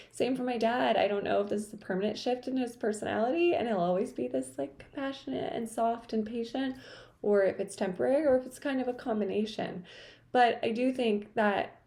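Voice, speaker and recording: A woman host speaking softly and thoughtfully to camera, a little emotional, with many casual fillers. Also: a little high, gravelly. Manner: soft, thoughtful, with frequent fillers. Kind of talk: reflective personal talk to camera.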